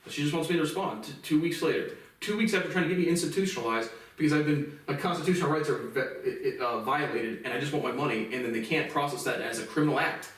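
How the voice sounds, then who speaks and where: A man's voice: a little high, fast talker, few pauses, fairly bright tone. A man in his late twenties ranting bitterly to camera in a profane personal monologue. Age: late 20s. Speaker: vlogger. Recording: echoey room from far off.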